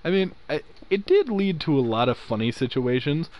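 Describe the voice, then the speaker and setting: A man's voice: a little high, expressive, moderate pace, lo-fi sound. A young man with a slight Southern accent hosting a casual chat, joking around and laughing often. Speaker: podcast host. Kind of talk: casual chat while gaming.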